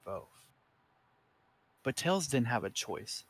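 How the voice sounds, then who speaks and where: A man's voice: medium pitch, very animated, slow pace, a bit bright, breathy edge. A man reading fanfiction aloud for laughs, in dramatic narration with stumbles and self-corrections. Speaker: reader.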